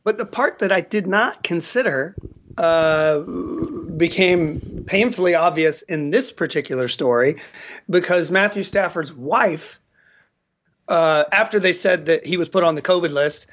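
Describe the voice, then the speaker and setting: A man's voice: fairly high pitch, unhurried, fairly bright tone, lo-fi sound. A man co-hosting a podcast in casual chat, rambling, swearing and laughing often. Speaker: podcast co-host.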